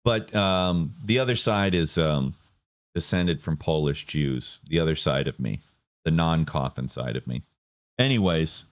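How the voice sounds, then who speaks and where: Low-voiced man rambling sardonically. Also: sing-song, unhurried. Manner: sardonic, meandering, frequent fillers. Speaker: online commentator. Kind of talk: casual rambling commentary.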